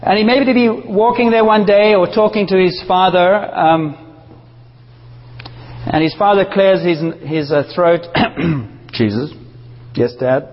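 A man preaching a sermon in a church, passionate and animated, with playful asides to the congregation. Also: high voice, takes it slowly, long reverb tail, dull audio. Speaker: pastor.

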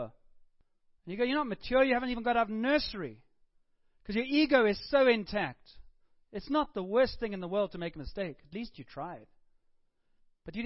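A man preaching a sermon, dropping to a hush and then rising to emphatic, acted-out quotes. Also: high-pitched, no room sound. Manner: swings between hushed and emphatic, acts out quotes. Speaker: pastor. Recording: muffled dull recording.

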